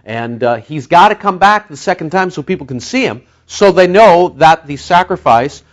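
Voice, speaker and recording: A man preaching an expository sermon, talking conversationally with many fillers and slowing down to stress key words. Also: fairly high pitch, lively intonation. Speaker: pastor teaching a Bible study.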